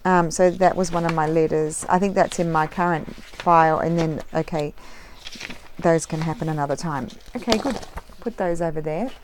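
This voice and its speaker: A woman with a notably low voice chats her way through a crafting tutorial in her home craft room. She rambles and corrects herself as she goes, trailing off into asides. Her low, relaxed delivery suits the easy, unscripted tone of the session. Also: moderate pace, slight background noise. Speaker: crafting vlogger. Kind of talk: casual crafting tutorial chat.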